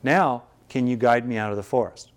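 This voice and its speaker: A man's voice: medium pitch, moderate pace, natural voice. A man playing a lost, ungrateful hunter in a told fable, urgent and self-serving. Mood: scheming. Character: lost, ungrateful male hunter, desperate and scheming.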